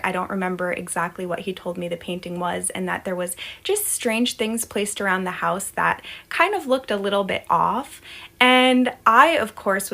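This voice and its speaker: Young woman, bright voice, scary storytime, earnest and flowing. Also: mid-range voice. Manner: earnest, flowing, addresses viewers directly. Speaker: TikTok storyteller.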